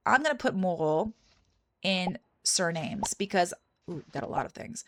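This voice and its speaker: A woman commenting casually on a mystery game, talking to herself and her viewers as she works things out. Her voice has a gravelly, fry-heavy texture, recorded close and dry with no room echo. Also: lowish voice, very animated, unhurried, a bit bright. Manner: chatty, thinking aloud, laughs easily. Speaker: game walkthrough host.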